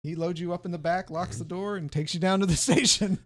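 A man's voice: high voice, fairly even intonation, a little fast. A man narrating as game master of a tabletop role-playing session, describing actions and rolls. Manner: plays characters in quoted lines.

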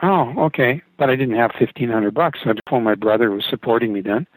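A man's voice: fairly low pitch, fast, no room sound, rough recording. Talkative middle-aged man with a dry sound. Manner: talkative, rambling, frequent restarts. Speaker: real estate agent, interview guest. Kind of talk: casual interview talk.

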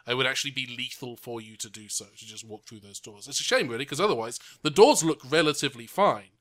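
A man narrating as game master of a tabletop game, describing scenes in a relaxed way with many fillers. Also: medium pitch, fast talker.

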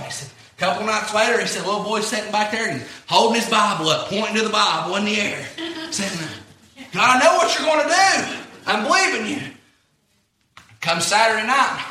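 A man's voice: high-pitched, bright, forceful tone, reverberant, a little hiss or hum. A man preaching a sermon, retelling a story in a folksy way with repeated "he said".

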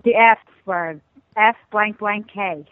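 A middle-aged woman calling in by phone, telling stories about herself in an animated, self-mocking way. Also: mid-range voice, takes it slowly, no room sound. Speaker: guest caller, host's mother. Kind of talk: phone-in chat. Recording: tinny, dry phone line.

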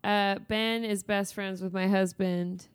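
Woman in her 30s cohosting a podcast, jokey and teasing, swears a lot, mid pitch. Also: steady tone, slow, clean tone. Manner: playful, teasing, crude jokes. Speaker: podcast co-host. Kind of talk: casual chat.

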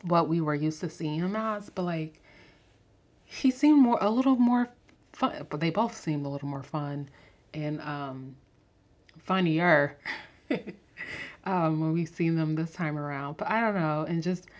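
Young woman, low voice, animated casual podcast chatter full of fillers. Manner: animated, fast-talking, frequent fillers and laughs. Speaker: podcast host. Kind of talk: casual movie review chat.

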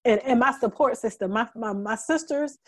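A middle-aged woman as a guest, telling her story candidly in an earnest, halting way, holding back tears. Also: a little high, no echo. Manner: earnest, halting, many fillers and restarts; emotional, fighting back tears. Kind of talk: candid conversational testimony.

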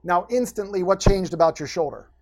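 Energetic male posture coach, high voice, instructive, talks the listener through exercises. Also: a little fast. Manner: energetic, instructive, gives step-by-step directions. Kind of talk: coaching guest on a podcast.

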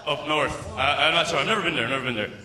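Irish stand-up comic, thirties, high voice, profane and rambling; roomy sound, mic kept at a distance. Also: male voice, fast, crowd noise. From Ireland. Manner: profane, rambling, frequent stammered restarts. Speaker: stand-up comedian. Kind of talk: stand-up comedy set. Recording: echoey room, mic at a distance.

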